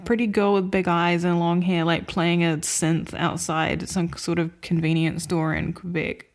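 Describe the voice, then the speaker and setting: This podcast co-host's voice sits on the low side, with little pitch movement and a slightly slow pace. She casually reviews films she saw in a loose, rambling chat full of filler words and frequent laughs.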